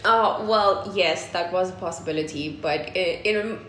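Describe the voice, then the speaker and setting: A woman from South Africa co-hosting a podcast in casual chat, animated and laughing often. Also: on the low side, measured pace. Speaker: podcast co-host. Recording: roomy with faint noise.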